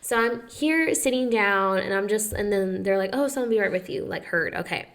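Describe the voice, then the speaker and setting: A woman's voice: mid-range voice, brisk. A young woman co-hosting a casual podcast, telling a long story and acting out what each person said, with "like" in nearly every line. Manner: animated storyteller who acts out quotes, says "like" often. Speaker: podcast co-host.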